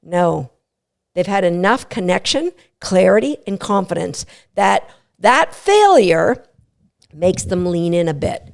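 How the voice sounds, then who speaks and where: A middle-aged woman hosting a dog training podcast, animated and playful, often breaking into quick voices for what a dog might be thinking. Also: lowish voice, vocal fry. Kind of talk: podcast teaching talk.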